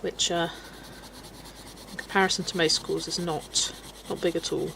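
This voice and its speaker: A woman's voice: lowish voice, steady tone, moderate pace, gravelly, sharp tone, slight background noise. A woman from Southwest England with a Wiltshire accent, chatting casually and self-deprecatingly on a colouring live stream. She laughs often as she answers questions from chat.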